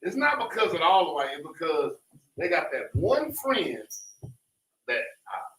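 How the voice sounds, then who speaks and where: A man's voice: a little high, big pitch swings, a little slow, bright, forceful tone, recorded from a distance. Chatty man heard off-mic in echoey room. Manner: loose, chatty, rambling. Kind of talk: casual commentary in a Bible class.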